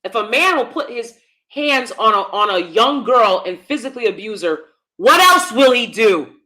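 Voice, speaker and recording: A woman's voice: fairly high pitch, animated, moderate pace, bright, forceful tone. A woman hosting live-stream commentary, blunt and emphatic, often repeating herself. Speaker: commentary channel host.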